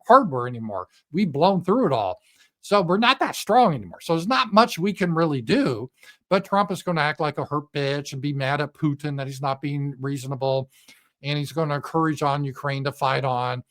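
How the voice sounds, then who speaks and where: Blunt, sarcastic man talking politics. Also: mid-range voice. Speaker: political commentator. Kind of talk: casual political commentary monologue.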